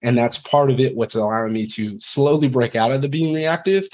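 A man's voice: mid-range voice, fairly quick, a little mellow. Frank, rambling man telling his story. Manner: rambling, frank, curses casually. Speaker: podcast guest. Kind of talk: candid personal storytelling.

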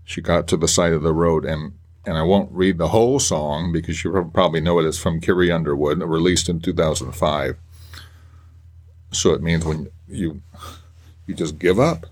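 A man hosting a faith podcast, talking earnestly and emotionally with halting restarts. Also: low voice, darkish tone. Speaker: podcast host. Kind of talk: personal faith podcast monologue.

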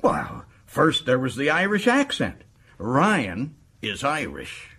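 A man's voice: medium pitch, huge pitch swings, slow pace, pushed and bright, breathy edge, heavily acted. An actor playing a boastful, chatty male prison governor, who stumbles over his words in a radio drama. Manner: boastful, stumbling, chuckling often.

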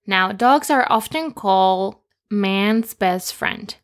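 A woman co-hosts a children's lesson, teaching simple Spanish words and telling playful jokes. She speaks slowly and cheerfully in a mid-range voice.

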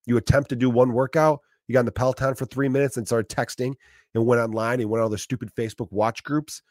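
A man's voice: mid-range voice, steady tone, fast, no room sound, clean studio sound. A man in his thirties with a profane, rambling style in a casual comedic monologue.

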